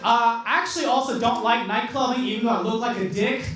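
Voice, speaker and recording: A man's voice: very high voice, quick pace, a bit bright, faint music behind. A young man from South Korea with an American-influenced accent, doing a self-mocking, swearing stand-up set in a comedy club. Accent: American-influenced English. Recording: echoey club from far mic, crowd.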